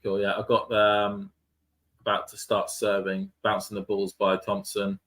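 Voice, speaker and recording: Bright-voiced British man, chatty co-host. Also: on the low side, completely flat delivery, a little slow. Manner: chatty, loose, with frequent fillers. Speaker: podcast co-host. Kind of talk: casual live watchalong chat.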